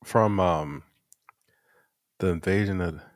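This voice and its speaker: A man's voice: low-pitched, takes it slowly, no echo, studio quality. A man from Philadelphia co-hosting a podcast, chatting about a film in a laid-back, hesitant way. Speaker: podcast co-host. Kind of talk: casual film review chat.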